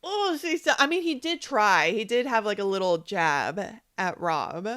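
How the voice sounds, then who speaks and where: A woman co-hosting a podcast, chatting casually in an animated way, laughing and acting out quotes. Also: mid-range voice, measured pace. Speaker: podcast co-host. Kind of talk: casual recap chat.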